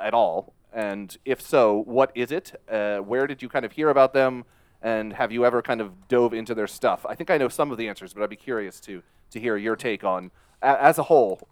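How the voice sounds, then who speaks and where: A man's voice: medium pitch, lively intonation, fairly quick, dry recording. A man co-hosting a music podcast, chatting casually and hesitantly with lots of fillers. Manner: laid-back, hesitant with many fillers. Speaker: podcast co-host. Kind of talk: casual chat.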